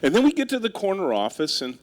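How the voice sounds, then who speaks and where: With a high-pitched voice and quick pace, a middle-aged company leader gives a humorous stage keynote to a live audience. He tells stories full of wry, self-mocking humor and asks the audience questions.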